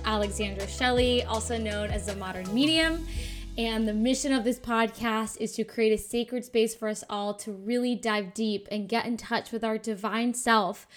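Chatty, gushing woman podcast host. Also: fairly high pitch. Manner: gushing, chatty, lots of "you guys" and "like". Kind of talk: casual spiritual podcast talk.

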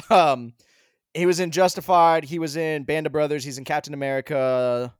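A man's voice: fairly high pitch, fairly even intonation, normal speed, clear, resonant tone, no room sound, studio quality. A young man from Colorado co-hosting a live stream, chatting casually and swearing freely as he tells stories. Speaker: stream co-host. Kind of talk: casual chat.

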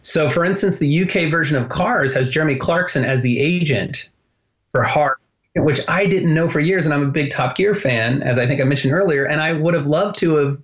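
A man being interviewed, telling lively anecdotes with enthusiasm. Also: a little high, fairly quick, highs cut off. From United States. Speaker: guest, animator. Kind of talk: podcast interview.

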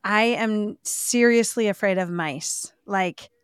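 A woman on a podcast, telling a story in a casual, animated way and laughing often. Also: medium pitch, slow, clean tone, no room sound, studio quality. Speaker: podcast co-host.

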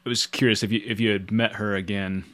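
A man's voice: on the low side, flat delivery, quick pace, a bit bright. A man hosts a podcast interview. He keeps his part short, reacting briefly and asking follow-up questions. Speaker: podcast host.

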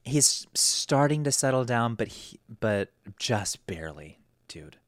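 A man's voice: mid-range voice, big pitch swings, measured pace, dry recording, clean studio sound. A young man hosting a podcast, rambling through a story and acting out quotes in a raised voice. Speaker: podcast host. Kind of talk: casual storytelling.

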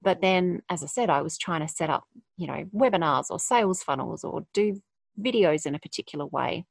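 A low, gravelly, slightly husky woman talking in a candid, reflective way, with laughter coming up often. The sound is dry and close. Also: lively intonation, a little fast, no echo. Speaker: podcast guest, coach. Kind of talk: casual conversation.

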